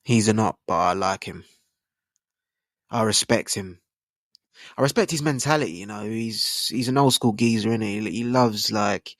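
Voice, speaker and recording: A man's voice: on the low side, normal speed, no echo. A man, rambling casually about football in slang and asking rhetorical tag questions. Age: 20s. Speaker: football channel host. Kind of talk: casual football opinion monologue.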